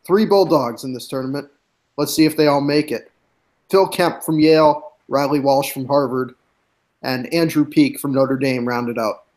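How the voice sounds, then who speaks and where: A man on a hockey podcast, reading through a team roster name by name in a measured, steady way. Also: medium pitch. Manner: reads lists of names in a measured, steady way. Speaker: guest hockey analyst.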